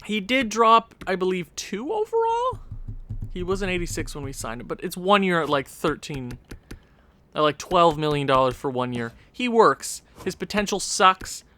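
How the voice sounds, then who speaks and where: A gaming channel host gives casual, chatty commentary while playing a video game, rambling and interrupting himself to correct what he says. His voice is high with big pitch swings and a sharp tone, at normal speed.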